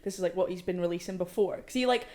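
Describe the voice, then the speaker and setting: A woman's voice: fairly low pitch, rapid-fire, darkish tone. A young woman, an artist's manager, telling stories as a podcast guest in a chatty, enthusiastic way, full of "like". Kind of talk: casual podcast chat.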